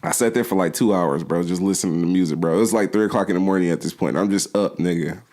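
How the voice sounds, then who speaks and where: A man's voice: sits low, fast, a little mellow. A man co-hosting a podcast, talking in laid-back, slangy banter full of profanity. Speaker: podcast co-host. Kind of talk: casual chat.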